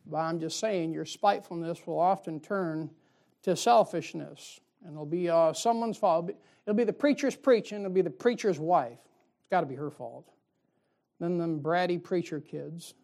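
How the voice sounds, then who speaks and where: A man's voice: fairly high pitch, moderate pace, gravelly, a little mellow. A male pastor preaching a sermon in a folksy way, firing rhetorical questions at his congregation.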